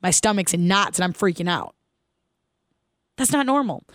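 A woman in her thirties hosting her own podcast, telling a personal story in an animated, casual way, laughing as she goes and asking listeners questions. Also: lowish voice, moderate pace, no echo, studio quality. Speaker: podcast host.

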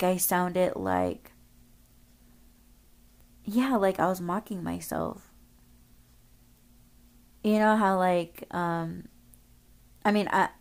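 A woman's voice: on the low side, creaky. A woman podcast host telling a story casually, rambling, swearing often and using lots of filler words.

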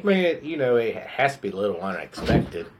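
A man co-hosting a faith podcast in casual chat, earnest and pausing to gather himself. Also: medium pitch, big pitch swings, noisy background. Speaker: podcast co-host.

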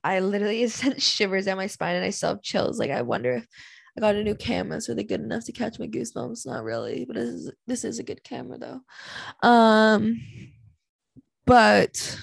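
A young woman in her twenties hosts a candid solo podcast with a noticeably gravelly, fry-heavy voice. She talks bluntly and dramatically, swearing freely and sighing often. The sound is close and dry, with no room echo. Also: mid-range voice. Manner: blunt, profane and dramatic, with frequent sighs. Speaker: podcast host.

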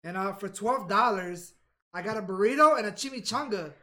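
A man joining a casual podcast conversation. He speaks quietly and holds his voice down on purpose. He talks in a plain, everyday way. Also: high-pitched, fairly quick.

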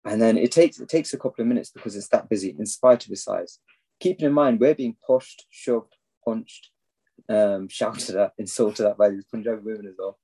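Man from England, low husky voice, mellow tone, lively storyteller, podcast guest. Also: moderate pace, poor audio. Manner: animated storyteller, acts out quoted speech. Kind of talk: storytelling in a casual interview.

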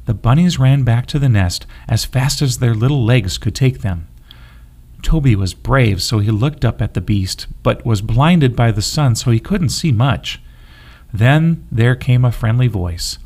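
Man, gentle storybook narrator, lively sing-song delivery. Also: mid-range voice, moderate pace. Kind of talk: children's story reading.

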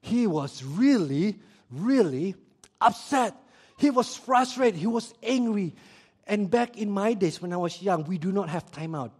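Male preacher, slightly high voice, animated storytelling sermon. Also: a little slow, husky. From Indonesia. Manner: animated storytelling, asks the audience questions.

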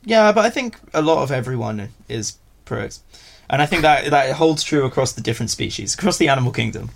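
A man's voice: medium pitch, animated, fairly quick, creaky. A young man chatting casually as a podcast guest, rambling and self-mocking, often laughing. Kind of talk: casual chat.

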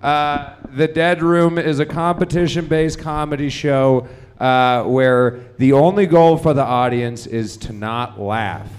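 A man's voice: mid-range voice, measured pace, smooth. A young man hosting a live comedy show, rambling and profane, full of fillers and restarts. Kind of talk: stand-up hosting banter.

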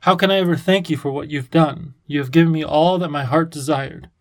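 A man's voice: on the high side, brisk, close to an everyday voice. A man doing a lisping creature king. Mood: affectionate. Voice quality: lisp. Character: lovestruck antlered creature king, excitable.

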